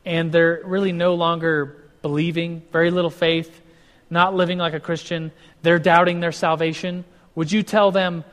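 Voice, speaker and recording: A man's voice: a little high, level tone, normal speed, fairly bright tone. A male pastor teaching a casual, conversational sermon, often restarting sentences and acting out what people say. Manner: conversational, with many restarts and acted-out quotes. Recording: long hall reverb.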